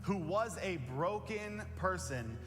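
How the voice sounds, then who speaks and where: Pastor, man, slightly high voice, conversational sermon with repeated key lines, long church reverb. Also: animated, slow pace, music in the background. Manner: earnest, plain-spoken, repeats key phrases. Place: church sanctuary.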